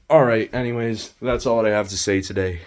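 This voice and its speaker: Opinionated man with a low voice. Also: darkish tone. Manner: opinionated, self-correcting, rambling. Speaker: political commentator vlogger. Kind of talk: casual opinion monologue.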